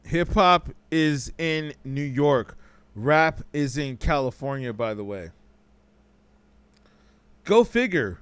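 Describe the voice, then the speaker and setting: A man's voice: fairly high pitch, lively intonation, takes it slowly, long pauses, fairly bright tone, smooth, dry recording. A man hosting a casual live-stream talk show, reading chat comments aloud, loose and joking, with slang and lots of repeats.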